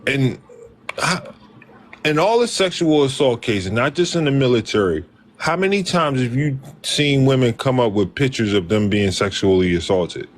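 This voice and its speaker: A man's voice: mid-range voice, lively intonation, moderate pace, slight background noise. A man in a heated casual debate, speaking insistently and pressing pointed questions.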